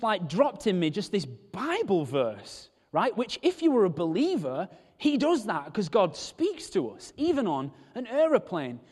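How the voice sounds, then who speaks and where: A man preaching a sermon, telling stories and joking with the congregation. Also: fairly high pitch. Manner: animated, joking storyteller. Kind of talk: sermon with storytelling. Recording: long hall reverb.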